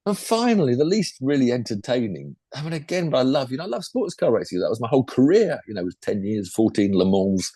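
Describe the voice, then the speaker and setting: A former racing driver, now an older podcast co-host, chats about motorsport in a husky, dark, sing-song mid-range voice. His pace is quick with few pauses, and he rambles along full of asides, recorded with no echo.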